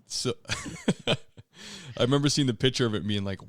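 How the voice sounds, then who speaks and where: A man's voice: mid-range voice, wildly swooping pitch, moderate pace, no room sound. A man co-hosting a podcast, chatting casually and telling anecdotes with a chuckle. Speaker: podcast co-host. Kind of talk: casual chat. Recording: dry podcast audio.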